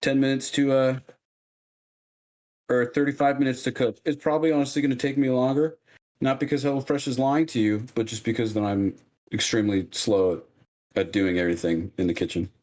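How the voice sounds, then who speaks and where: A man streaming from his home kitchen, chatting casually and joking at his own slow cooking. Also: medium pitch, fairly even intonation, a little mellow. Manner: joking, self-mocking, unhurried.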